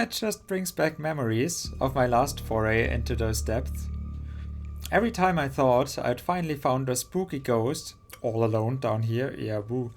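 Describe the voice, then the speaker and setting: A man's voice: medium pitch, gravelly. A man voicing a brash young woman who hunts ghosts for her videos, read in a dry, teasing way. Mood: wistful.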